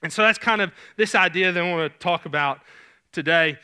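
A man's voice: high-pitched, fairly quick, bright, forceful tone, smooth. A man with a Southern US accent, a youth pastor preaching a sermon in a casual, conversational way with many fillers. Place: church sanctuary stage.

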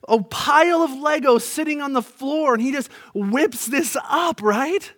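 A man's voice: extremely high pitch, measured pace, fairly bright tone. A man in his thirties preaching a sermon in church, earnest and emphatic, asking his listeners questions. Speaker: pastor. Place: church, to an online audience.

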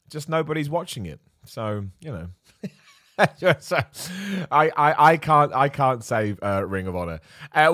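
A man's voice: mid-range voice, no room sound, clean studio sound. Chatty male wrestling show host. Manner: chatty, animated, laughs often, repeats himself. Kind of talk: casual live-stream commentary.

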